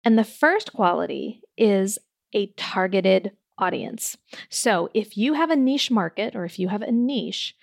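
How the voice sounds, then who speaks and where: Woman hosting a coaching podcast, chatty and upbeat, bit of vocal fry, dry close sound. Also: medium pitch, no room sound. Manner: warm, upbeat, direct address to listener. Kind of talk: solo podcast talk.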